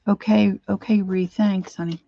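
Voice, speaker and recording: A woman's voice: medium pitch, fairly even intonation, normal speed, vocal fry, lo-fi sound. A woman crafting and rambling to herself as she rummages, in casual chat.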